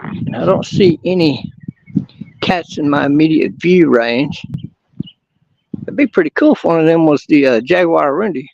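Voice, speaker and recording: A man with a gravelly, fairly high voice chats in a rambling, folksy way, full of drawn-out fillers. He records outdoors behind a house. The sound is dull and lo-fi. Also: sing-song, darkish tone. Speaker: vlogger. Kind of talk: casual outdoor vlog.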